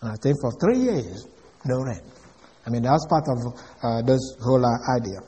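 A man's voice: medium pitch, expressive, moderate pace, dark tone. A man preaching a sermon in an emphatic way, often putting questions to his listeners. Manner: emphatic, asks the audience questions. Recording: echoey hall.

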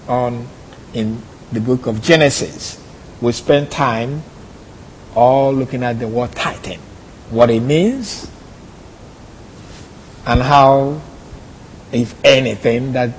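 A man teaching a Bible lesson, deliberate and repeating key phrases. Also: medium pitch, darkish tone, a little hiss or hum. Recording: long hall reverb.

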